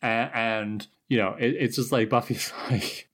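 A woman's voice: extremely low pitch, unhurried, few pauses. A woman co-hosting a podcast, chatting casually and critically about an episode. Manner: exasperated, critical, expressive. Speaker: podcast co-host.

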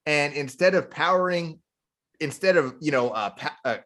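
Animated man who says "dude" a lot. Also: a little high, normal speed. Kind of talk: casual storytelling.

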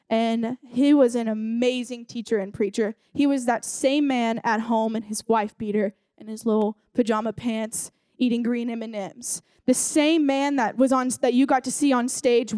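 A woman's voice: on the high side, steady tone, normal speed, darkish tone, clear, resonant tone, no room sound. A young woman giving a casual sermon at a church service, telling a story and talking in a chatty way with many fillers.

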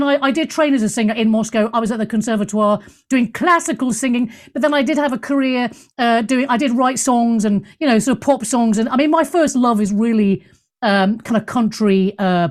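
A woman's voice: a little high, darkish tone. A woman hosting a live talk show, chatting casually, reading the live chat and joking at her own expense. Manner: chatty, laughs often, self-deprecating asides. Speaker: show host.

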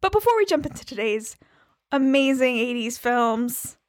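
A woman's voice: high-pitched, lively intonation, normal speed, no echo, clean studio sound. A woman co-hosting a casual podcast, playful and jokey in her delivery. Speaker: podcast co-host. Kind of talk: casual chat.

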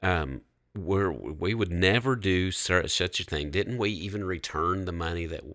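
A man's voice: deep voice, a little slow, fairly bright tone, no room sound, clean studio sound. A man doing defensive protesting brothers. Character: group of protesting brothers, men.

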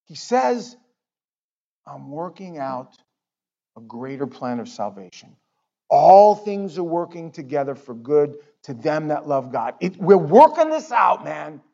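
A man preaching a sermon in a conversational way, jumping from loud outbursts to near-whispers. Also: fairly high pitch, big pitch swings, unhurried, vocal fry, dull audio. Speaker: pastor.

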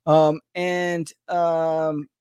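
A man's voice: on the high side, level tone, extremely slow, a little mellow, clean tone, no room sound, clean studio sound. A man co-hosting a podcast, chatting loosely with many fillers and restarts as he wraps up the show. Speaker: podcast co-host. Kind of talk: casual chat and show sign-off.

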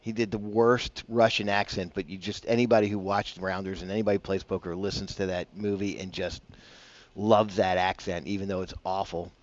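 A man's voice: low-pitched, level tone, brisk, highs cut off. A man hosting a casual morning golf radio show, rambling and chatty with self-deprecating asides, on a broadcast mic. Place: broadcasting from a bar.

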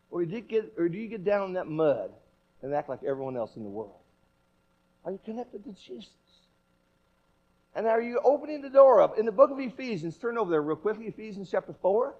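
High-voiced, animated male preacher. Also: highs cut off. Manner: animated, emphatic, repetitive questions. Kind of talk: sermon. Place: church.

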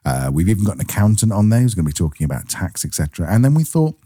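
A man's voice: fairly low pitch, big pitch swings, rapid-fire, mellow, breathy edge, no room sound, studio quality. A man from England co-hosting a podcast, chatting casually and rambling through anecdotes. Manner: chatty, rambling, acts out family quotes. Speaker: podcast co-host. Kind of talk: casual chat.

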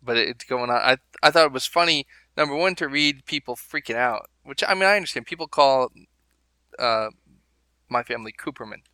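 A man's voice: medium pitch, a little fast, bright, forceful tone, clean tone, no room sound. A man co-hosting a podcast, chatting casually and rambling with amused asides. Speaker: podcast co-host. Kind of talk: casual chat.

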